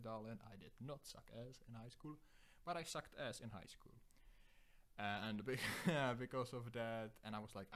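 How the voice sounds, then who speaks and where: A young man hosting a solo podcast, rambling through profane, self-deprecating digressions. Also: on the low side. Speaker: podcast host.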